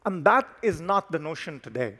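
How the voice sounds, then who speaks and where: A middle-aged man giving a conference keynote as a company chief, explaining his points in a measured way and stressing key words with pauses. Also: a little high, sing-song, sharp tone, slightly rough. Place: conference stage.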